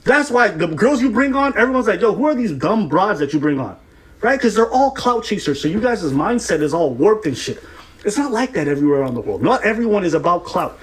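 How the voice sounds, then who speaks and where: A man's voice: sits high, a little fast. A man co-hosting a reaction show, mocking and swearing as he gives heated commentary. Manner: animated, mocking, profane, laughs at his targets.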